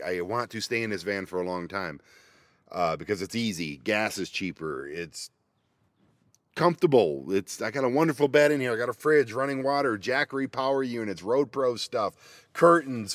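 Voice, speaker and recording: A man's voice: lowish voice, dry recording, studio quality. Rambling self-mocking man. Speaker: vanlife vlogger. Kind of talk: casual solo chat. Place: inside a parked minivan. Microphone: laptop microphone.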